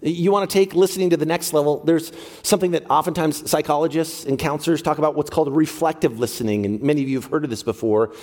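A pastor preaching a sermon, lively and talking straight to his congregation during a church service. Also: a little high, fast talker. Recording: long reverb of a large hall.

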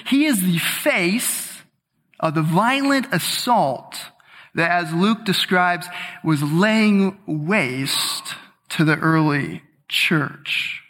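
High-voiced slow preacher in echoing hall. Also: male voice, a bit bright. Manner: emphatic, repeats key words for weight. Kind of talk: sermon.

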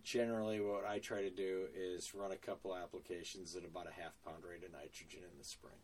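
Low-voiced man talking lawn care. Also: brisk, distant mic. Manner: relaxed, plain-spoken, many fillers. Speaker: lawn care business owner. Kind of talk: casual podcast conversation.

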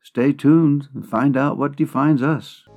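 A man with a middle-pitched voice co-hosting a casual comedy podcast. He talks in a playful, wisecracking way and ribs his partner. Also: fairly even intonation, unhurried, narrow, tinny audio, faint music behind. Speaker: podcast co-host. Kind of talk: casual comic chat.

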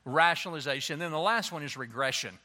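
A man preaching a sermon as a pastor, animated and slipping into playful voices to act out excuses. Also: a little high, fast talker. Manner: animated, acts out quoted excuses in changing voices.

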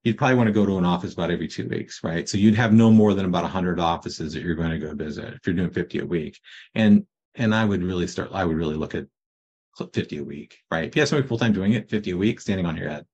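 Podcast coach, male, deep husky voice, casual storyteller who keeps checking in with "right?". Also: fast talker, a little mellow, dull audio. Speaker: practice coaching podcast host.

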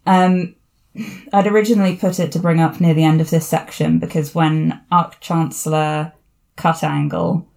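Podcast host lady, a bit gravelly, rambly and laughing as she talks about a book. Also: low voice, level tone, normal speed, a little mellow. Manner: chatty, laughing, digressive. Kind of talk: casual book discussion.

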